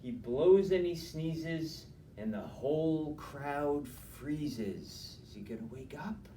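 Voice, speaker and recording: A gentle man reads a children's picture book at an unhurried pace, pausing for friendly asides to his young audience. His voice sounds roomy and comes from some distance off, with a faint room hum behind it. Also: on the high side, expressive. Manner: slow, gentle and chatty, adding asides to children. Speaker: library storyteller. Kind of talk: children's story reading. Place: library room. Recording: echoey room, mic from a distance.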